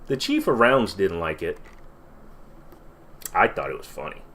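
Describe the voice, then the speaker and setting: A man's voice: low-pitched, big pitch swings, a little slow, fairly bright tone. A man hosting a casual livestream Q&A, rambling and swearing as he reacts to viewer comments. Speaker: livestream host.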